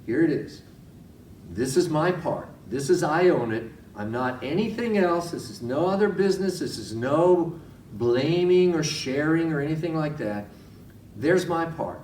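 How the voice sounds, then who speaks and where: A man's voice: fairly high pitch, sing-song, unhurried, darkish tone, recorded from a distance, a little hiss or hum. Folksy male chaplain in a roomy echo. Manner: folksy storytelling with direct questions to listeners. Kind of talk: sermon-style teaching talk.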